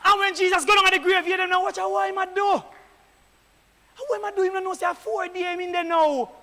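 Fervent Jamaican deacon preaching in a hall. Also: male voice, very high voice, fairly even intonation, fast talker. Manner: fervent, shouting preacher in patois. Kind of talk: preaching at a church meeting. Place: church. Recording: echoey church hall.

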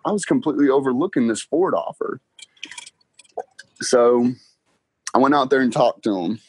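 A young man, a car salesman guest telling his story in a casual interview, excited and quick to laugh. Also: mid-range voice, breathy edge, no room sound. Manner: excited, laughs often, talks fast with "like" and "bro".

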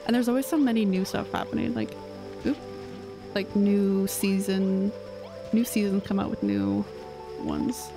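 A young woman streaming a game, rambling loosely and padding her talk with fillers. Her voice sits at a middling pitch, with music playing under her chat. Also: animated, measured pace, long pauses, low-quality recording. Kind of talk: casual gameplay chat.

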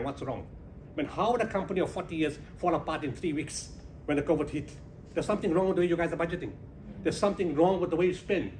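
Male keynote speaker, fairly high voice, lively anecdotal delivery with humor. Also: a little hiss or hum. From South Africa. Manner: animated storytelling, acting out dialogue, laughing at own jokes. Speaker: keynote speaker, humanitarian founder. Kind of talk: humorous motivational speech. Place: conference hall before a business audience.

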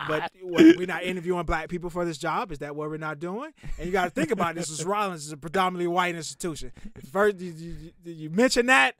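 A man in his thirties on a podcast, telling a personal story in a heated, profane, animated way. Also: fairly high pitch. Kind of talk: casual storytelling.

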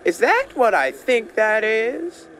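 A man voicing an elderly church woman who gently leads a young man through a prayer, slow and preacherly. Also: sits high, very animated, a little hiss or hum, heavily acted. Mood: tender pleading.

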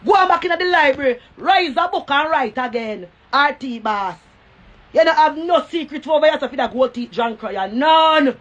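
A woman's voice: high-pitched, expressive, moderate pace, dull audio. A Jamaican woman ranting on a phone live stream, full of profanity and taunts that keep repeating. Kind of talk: cussing rant on a live stream.

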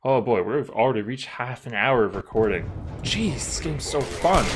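A man's voice: mid-range voice, lively intonation, normal speed, music in the background. Playful man narrating a video game. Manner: playful, joking, talks to game characters. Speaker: gaming channel host. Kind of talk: let's-play commentary.

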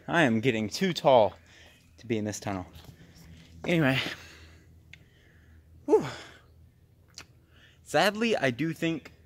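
His mid-range voice is sing-song and slow, with long pauses. The young man is vlogging his exploration of a cold outdoor tunnel, rambling breathlessly and startling easily at sounds, in a casual paranormal-themed video.

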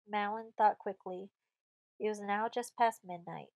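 A woman's voice: medium pitch, moderate pace, vocal fry, no room sound, poor audio. Woman reading a story, dry sound. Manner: steady storytelling. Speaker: audiobook narrator. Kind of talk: scripted narration.

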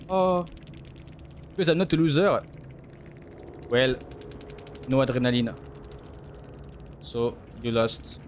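A man's voice: medium pitch, expressive, slow, long pauses, slight background noise. A man, streaming a game live and mockingly teasing his opponents.

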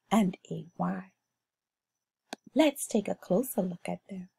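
A Bahamian woman teaching a phonics lesson to young children, sounding out words slowly and clearly in a sing-song way. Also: medium pitch, dark tone.

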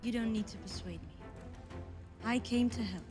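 The head of a fiery religion, calm and sure of herself. Her slightly high voice carries a slight Israeli accent, with music clearly underneath. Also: moderate pace. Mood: assured. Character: commanding female high priestess.

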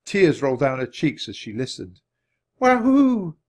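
A man narrating a children's audiobook in an expressive reading voice. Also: a little fast. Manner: expressive, varied pitch. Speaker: audiobook reader.

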